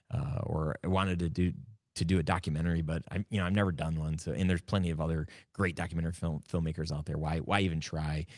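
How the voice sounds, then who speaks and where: A man hosting his own podcast, telling stories in a casual, animated way and acting out his past conversations. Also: low voice, no room sound, studio quality. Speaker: podcast host. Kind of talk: casual solo podcast talk.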